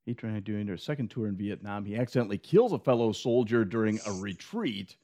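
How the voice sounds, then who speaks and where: A man's voice: on the low side, lively intonation, a little fast, warm tone. A man co-hosting a casual podcast chat, retelling movie scenes with quoted lines and laughter. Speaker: podcast co-host.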